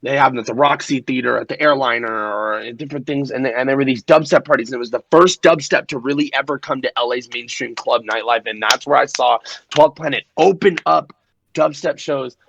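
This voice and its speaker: A man's voice: mid-range voice, fairly quick, vocal fry, a bit bright, lo-fi sound. A man from Los Angeles, a podcast guest in casual chat, rambling with lots of "like" and "you know". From Los Angeles, USA.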